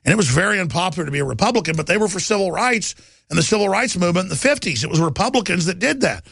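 A middle-aged man hosting a talk radio show in an impassioned, rambling rush that drops to low asides and climbs back up. His voice is bright and sharp, with a heavy gravelly rasp and a slightly raised pitch. The sound is dry and close. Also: expressive, racing, no room sound. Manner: impassioned, rambling, swings between loud and low. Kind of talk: fiery talk radio monologue.

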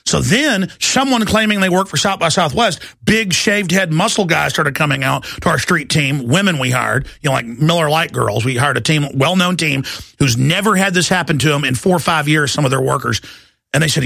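A man hosting a talk radio show, ranting urgently and often rising to shouts, with heavy repetition. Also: on the high side, lively intonation, brisk, gravelly, no room sound, clean studio sound. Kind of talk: impassioned talk radio monologue.

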